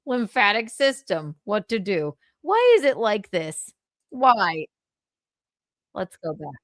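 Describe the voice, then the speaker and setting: A woman's voice: medium pitch, sing-song, takes it slowly, no echo, studio quality. A young woman hosting a casual livestream, talking candidly, swearing freely and laughing often. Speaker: livestream host.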